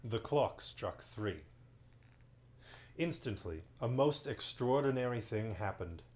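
A man reading a children's novel aloud as a bedtime story on a livestream, slow and expressive. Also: mid-range voice.

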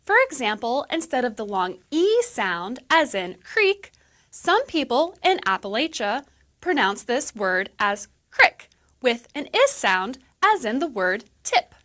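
A woman playing a friendly English teacher in a scripted lesson video, explaining slowly and clearly. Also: on the high side, big pitch swings, a bit bright. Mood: cheerful. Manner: slow, clear teaching delivery. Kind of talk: scripted educational dialogue.

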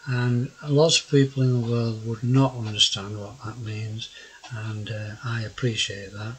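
Slow husky old South Yorkshire man. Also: mid-range voice, flat delivery, poor audio. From South Yorkshire, England. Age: older. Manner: hesitant, many fillers and restarts; gruff-sounding. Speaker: naturalist vlogger. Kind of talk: casual rambling narration over photos.

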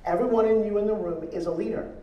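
An energetic woman speaker teases and rallies a live seminar audience, mixing jokes with advice. Her voice sits at a middle pitch and carries the roomy echo of a large hall. It sounds picked up from a distance, with faint noise underneath. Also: fast, highs cut off. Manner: energetic, joking, audience-engaging. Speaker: motivational speaker teaching pitching. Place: large event hall on stage.

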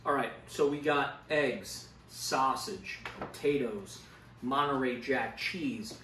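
Slow, pushed and bright, this medium-pitched male voice comes from a cooking show host doing a laid-back demo at home. He swears freely and hypes the food with loose kitchen banter; a distant mic gives a roomy sound with slight background noise.

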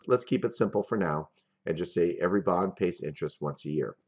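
A man with a very low voice lectures on finance and walks through each example step by step. The recording sounds dull and lo-fi. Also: a little mellow. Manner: methodical, explains step by step with worked examples.

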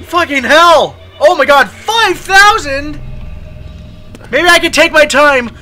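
A young man playing a horror game, his voice very high and piercing, hoarse from all the screaming. He yelps and curses at every scare, then mutters to himself. Faint game music hums under him. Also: animated, slow, pushed and bright. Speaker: gaming video host.

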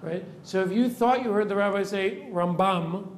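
A man's voice: high voice, normal speed, slight background noise. A man, a rabbi, teaching a classroom of students, explaining step by step, quizzing the class and checking in with "right?" after nearly every point. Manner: asks the class questions. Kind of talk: classroom lecture.

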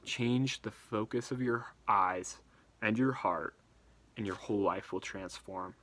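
A man preaching a devotional sermon, earnest and urging, slowing down and dropping almost to a whisper on key words. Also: fairly low pitch, a bit bright. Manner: earnest, urging, slows for emphasis.

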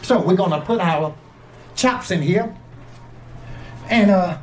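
A man's voice: high-pitched, takes it slowly, a little hiss or hum. An older man from Georgia, hosting a casual cooking vlog in a folksy, playful way and talking straight to his viewers. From Georgia, USA. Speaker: home cook and channel host.

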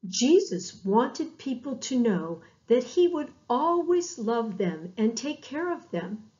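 A woman reading a children's Bible story for Sunday school, expressive and drawn out, with bleated lamb sounds. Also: a little high, slow pace. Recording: dull lo-fi recording.

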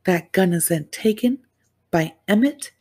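A woman casually recapping a true-crime episode as a show reviewer, animated and exclamatory with slangy asides. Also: mid-range voice, unhurried, breathy edge.

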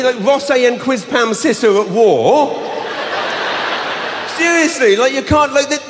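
A man performing live stand-up comedy, telling a story with animated bursts of shouting. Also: extremely high pitch, noisy background. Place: large arena stage. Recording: live arena with long reverb.

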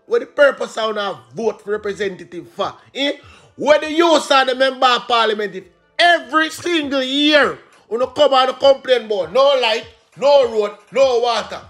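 A Jamaican man hosting online news, reading reports and breaking into lively patois commentary. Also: very high voice. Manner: animated, switches between read news and banter.

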